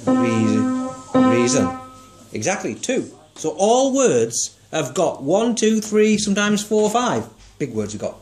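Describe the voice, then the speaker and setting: A man's voice: high voice, very animated, unhurried, over music. A man teaching songwriting one to one, patient and encouraging, asking guiding questions and singing short notes to show the tune. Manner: sings short notes to demonstrate. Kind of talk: one-to-one music lesson.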